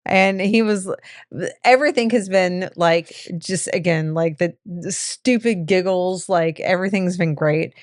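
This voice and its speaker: Smooth, low-pitched young woman chatting. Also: no room sound, studio quality. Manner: playful, giggly, quick asides. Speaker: co-host. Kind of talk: casual chat.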